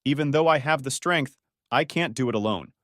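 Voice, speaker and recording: A man's voice: mid-range voice, a little fast, fairly bright tone, dry recording, clean studio sound, close to an everyday voice. A man voicing a confident teenage hero. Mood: commanding. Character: confident teenage boy hero, calm and commanding.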